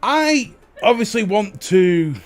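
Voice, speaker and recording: Animated high-pitched male stream host. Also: takes it slowly, faint music behind. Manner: jokey, animated, swears freely. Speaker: livestream host. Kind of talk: casual chat greeting viewers.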